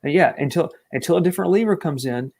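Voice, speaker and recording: A man co-hosting a casual sports talk show, ranting with animated exasperation. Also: on the high side, fast talker, creaky. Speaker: co-host.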